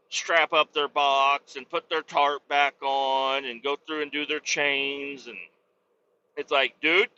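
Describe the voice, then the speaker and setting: A man with a medium-pitched, pushed, bright voice drives a truck while hosting a podcast, telling a profane, self-mocking story in a casual, rambling way. He sounds slightly wheezy, and the lo-fi recording is a bit dull.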